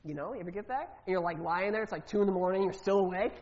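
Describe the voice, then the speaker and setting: A woman's voice: mid-range voice, racing. A woman preaching a sermon in a loose, conversational way, asking the congregation questions and often repeating her words. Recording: reverberant hall, dull lo-fi sound.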